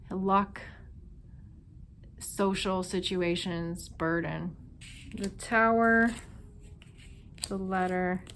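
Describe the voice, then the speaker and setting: A woman's voice: medium pitch, slight background noise. Chatty Minnesotan woman reading tarot. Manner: chatty, thinking aloud with frequent fillers. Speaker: tarot reader. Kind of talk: casual tarot reading monologue.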